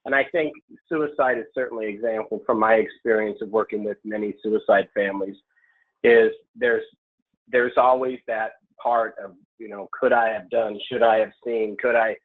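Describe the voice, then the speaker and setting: A man's voice: lowish voice, steady tone, normal speed. A man co-hosting a webinar, asking questions conversationally and searching for his words. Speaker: co-host. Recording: tinny phone line.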